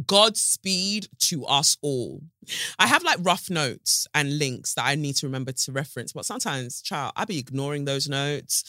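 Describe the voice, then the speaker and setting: A woman hosting a solo podcast, chatting frankly and animatedly, swearing freely and swooping up in pitch. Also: fairly bright tone, no echo, clean studio sound. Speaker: podcast host.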